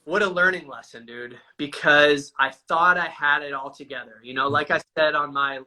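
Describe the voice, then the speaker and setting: A man recounts his own experiences in loose, candid conversation. His voice sits a little high and sounds very bright and forward. He swears often and tosses "dude" into nearly every sentence. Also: fairly even intonation, normal speed, low-quality recording. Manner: casual and profane, says "dude" constantly. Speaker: guest sharing a recovery story.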